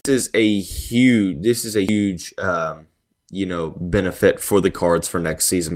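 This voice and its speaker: A man with a very low voice hosts a solo sports podcast, breaking down basketball news at length. He rambles, circles back and fills gaps with "you know" and "um" as he works through his points. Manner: rambling, many fillers and restarts. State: yawning and sneezing.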